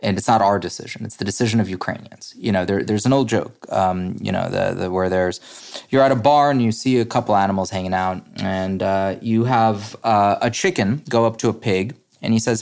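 A man's voice: lowish voice, a little fast, creaky, darkish tone. A man speaking as an interview guest, earnest and explanatory, with frequent fillers and restarts. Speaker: guest, head of a democracy nonprofit. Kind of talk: interview conversation.

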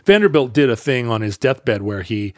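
A man in a casual podcast chat, spinning a long history story at a middle pitch. He backtracks and corrects himself often. The recording is close and dry, with no room sound. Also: very animated, moderate pace, no room sound. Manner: rambling, self-correcting, laughs easily, tries funny voices.

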